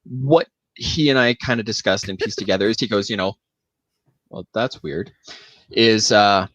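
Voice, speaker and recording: A man with a lowish voice chats on a podcast and tells a loose, meandering story packed with ums and likes. The sound is dry and close, with no room echo. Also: moderate pace, fairly bright tone. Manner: rambling, filler-heavy storytelling. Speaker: podcast co-host. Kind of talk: casual chat.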